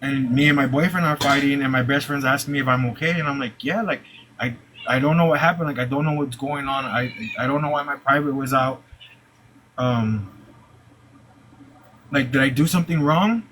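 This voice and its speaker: A young man telling a personal story live, halting, with many "like"s and repeated restarts. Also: medium pitch, a bit bright, rough recording.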